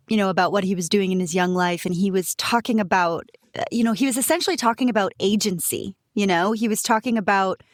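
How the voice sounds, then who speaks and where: A woman's voice: mid-range voice, no echo, studio quality. A woman co-hosting a podcast, chatting eagerly about film music and often restarting her sentences. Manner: enthusiastic, rambling with many restarts. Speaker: podcast co-host. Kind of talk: casual podcast chat.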